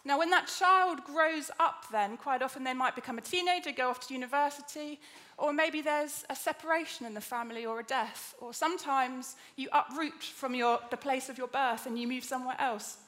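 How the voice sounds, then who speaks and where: Bright high-voiced woman preaching. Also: moderate pace. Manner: lively, chatty, jokes with the congregation. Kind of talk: sermon. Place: church auditorium.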